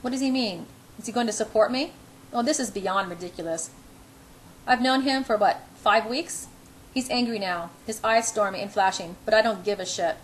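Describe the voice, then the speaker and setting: A woman's voice: mid-range voice, normal speed, slight background noise, poor audio. A woman reading a novel in the first person, narrating her inner thoughts wryly, with small restarts. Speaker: audiobook reader.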